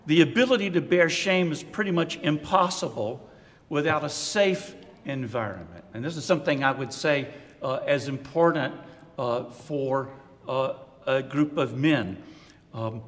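An older man, a priest, giving an unscripted retreat talk in a conversational, reflective way, pausing on fillers and chuckling softly. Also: medium pitch, expressive. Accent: American Southern. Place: large conference hall. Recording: long-reverb hall.

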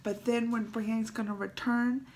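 A woman hosting a casual reaction video, retelling a story in an excitable, emotional way with dialect phrases and a creaky, teary edge. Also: on the high side, measured pace, a little hiss or hum. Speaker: YouTube reaction host.

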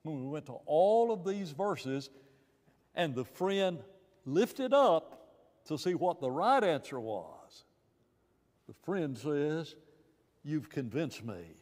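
A man's voice: on the high side, big pitch swings, slow, long pauses, darkish tone, big-room sound. A man preaching in a church Bible class, emphatic, asking rhetorical questions and often restarting his phrases. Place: church room.

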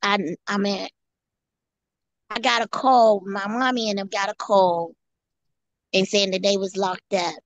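A woman guest giving an earnest personal testimony, halting and often repeating or restarting her phrases. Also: medium pitch, fairly even intonation, no echo. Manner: earnest storytelling.

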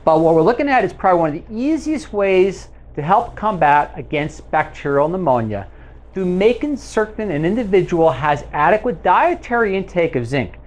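Male presenter of a health video; reads study text with lively rises and falls, loose conversational asides. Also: sits high, moderate pace. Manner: conversational, self-correcting asides. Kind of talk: reading and commenting on a research summary.

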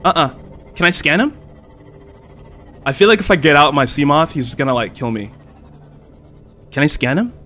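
A man's voice: on the high side, animated, normal speed, long pauses, bright, forceful tone. A young man giving let's play commentary on a survival game, jumpy and swearing a lot, yelping and panicking whenever creatures come near. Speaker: gamer.

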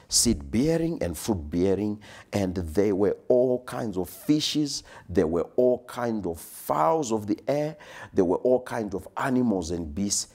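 A male preacher with a deep voice and a husky grain to it, delivering a sermon. He hammers his points through repetition and now and then sinks to a whisper for emphasis. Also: warm tone.

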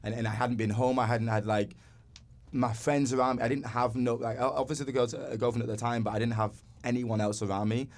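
Fast-talking man, reflective. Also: mid-range voice, flat delivery. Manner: earnest, reflective, talks in a rush. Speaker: guest dancer. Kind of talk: casual podcast conversation.

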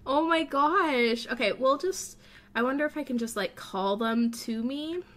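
A woman's voice: high-pitched, measured pace. A woman hosting a casual let's play, chatty and rambling as she thinks aloud, and often gasping and squealing with delight. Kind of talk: casual gameplay commentary.

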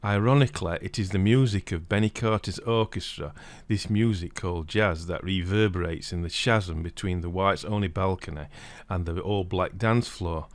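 A man narrating a scripted video essay in a steady reading voice. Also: deep voice, moderate pace. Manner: steady reading, livelier when reading quoted passages.

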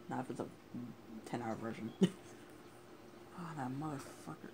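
A young man talks over his game in loose, casual commentary, cursing freely and flaring into angry rants. His voice sits at an ordinary middle pitch. A clear layer of noise runs under the recording. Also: a little fast, pauses often. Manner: swears a lot, angry outbursts. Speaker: gameplay commentator. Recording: noisy home recording.

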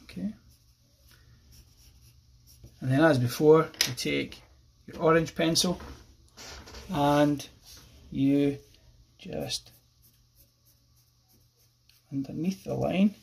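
A man with an Irish accent explaining a pencil drawing step by step as he works, relaxed and thinking aloud. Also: mid-range voice, creaky, slightly rough. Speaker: art teacher. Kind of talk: drawing tutorial narration.

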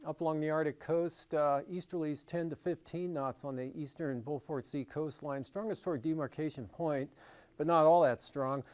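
A man's voice: a little high, darkish tone, clear, resonant tone. A man with an American accent presenting a broadcast marine and weather forecast, talking it through loosely with frequent fillers.

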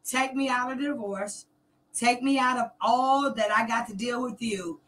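A woman's voice: a little high, moderate pace, a bit bright. A middle-aged woman from Georgia, ranting to camera in a confrontational, taunting way. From Columbus, Georgia, US. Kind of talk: direct-to-camera rant.

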